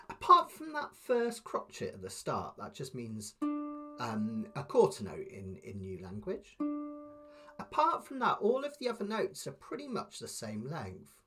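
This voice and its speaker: A man teaching a live online ukulele lesson, patiently explaining step by step and counting beats aloud softly. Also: high-pitched.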